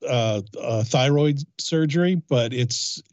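A man's voice: medium pitch, slow, dry recording, highs cut off. Sarcastic man on a prank call. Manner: sarcastic, deadpan teasing. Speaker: radio prank caller. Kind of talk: comedic phone bit.

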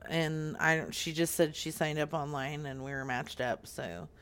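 A woman's voice: low voice, fairly even intonation, unhurried, a bit bright, clear, resonant tone. A woman streamer chatting casually and playing it straight on a prank call. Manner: casual, laughing, plays it straight on calls. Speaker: streamer making prank calls.

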